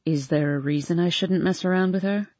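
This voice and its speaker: A woman voicing a moody, brooding young man who speaks in low, curt murmurs in an audiobook. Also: fairly quick, darkish tone, no echo, lightly acted. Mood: low murmuring. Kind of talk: audiobook character voice.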